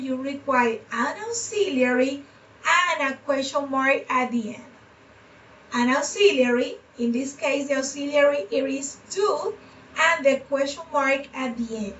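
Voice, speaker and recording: A woman gives an English grammar lesson, repeating each example sentence with deliberate care. Her voice sits high and she speaks unhurriedly. She is picked up from some distance on a dull, muffled recording. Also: a bit bright. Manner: repeats example sentences slowly and deliberately, switching to Spanish for explanations. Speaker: English teacher. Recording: dull distant mic in a room.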